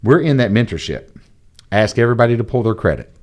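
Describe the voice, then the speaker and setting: A man, a guest on a podcast, telling a personal story in a casual, animated way and acting out the dialogue. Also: on the low side, fast. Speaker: podcast guest, entrepreneur and mentor.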